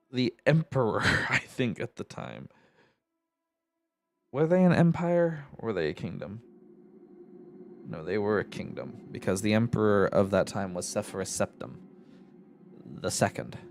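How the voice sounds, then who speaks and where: A man's voice: lowish voice, big pitch swings, measured pace, vocal fry, long pauses, a little hiss or hum. A man narrating his gameplay in a rambling, musing way, often correcting himself with chuckling asides. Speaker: let's-play host.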